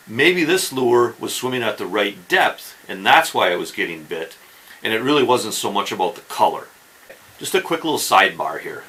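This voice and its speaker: Male fishing host, low pitch, animated and forceful, casual how-to talk. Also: rough recording. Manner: chatty, keeps checking in with "okay?" and "right?". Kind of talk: casual instructional talk to camera.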